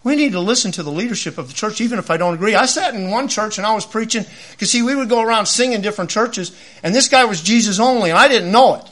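High, bright-voiced man preaching. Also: fast talker, few pauses. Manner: animated, acts out voices in his stories. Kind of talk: sermon with storytelling.

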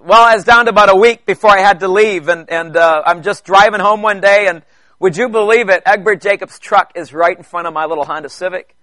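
A man preaching a personal testimony in church, chatty, with halting restarts and joking asides to the congregation. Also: high voice, pushed and bright, no echo. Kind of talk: conversational sermon testimony.

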